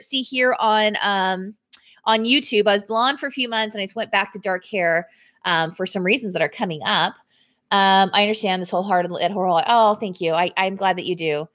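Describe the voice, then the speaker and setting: A woman fitness coach chats live with her viewers from home, her pitch sitting in an ordinary middle range. She speaks candidly, breaks off to read comments aloud and thank people by name, and laughs easily, her voice rising and dropping in loudness as she goes. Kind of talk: casual live stream to viewers. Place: indoors at home.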